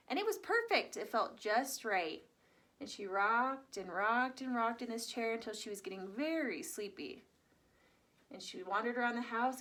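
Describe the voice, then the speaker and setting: A woman telling a fairy tale to children, animated and asking her young listeners questions. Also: a little high. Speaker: children's storyteller. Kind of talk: reading a story aloud to children.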